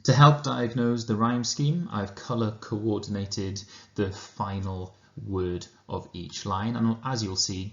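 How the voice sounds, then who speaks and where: A man with a Welsh accent teaching a lesson, explaining slowly and carefully, then reading a poem aloud. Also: sits low. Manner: slow, measured explanation. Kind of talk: recorded lesson and poetry reading. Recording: roomy, dull lo-fi recording.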